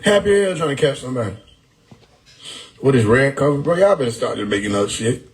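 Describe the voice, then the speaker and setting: A man hosting a live stream, riffing loudly on chat comments with frequent laughter and profanity. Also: medium pitch, animated, brisk, low-quality recording. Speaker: livestream host reading chat. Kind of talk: casual livestream chat. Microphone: phone or desktop mic on a live stream.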